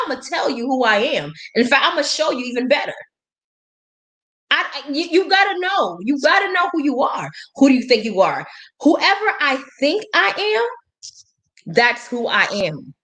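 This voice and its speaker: Woman, motivational coach, slightly high voice, emphatic and preachy, quotes scripture, laughs between points. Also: fairly bright tone. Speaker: life and business coach. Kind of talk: motivational live-stream talk.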